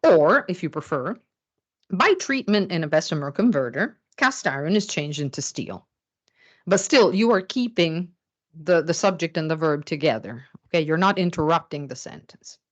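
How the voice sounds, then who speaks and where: A woman's voice: low voice, lively intonation, moderate pace, lo-fi sound. A middle-aged woman teaching a writing class, explaining step by step and often checking in with "okay?". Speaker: writing instructor. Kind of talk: recorded classroom lecture.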